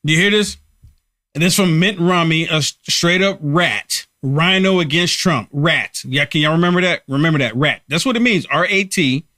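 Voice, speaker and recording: A man's voice: a little high, normal speed, bright, forceful tone, no echo, clean studio sound. A man hosting a live political commentary stream, talking emphatically and repeating himself to rally viewers. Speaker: host of a political livestream.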